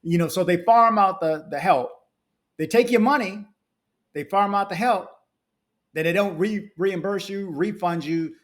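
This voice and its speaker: A man's voice: sits high, unhurried. A man, a travel vlogger reading reviews aloud and ranting in casual asides with frequent restarts.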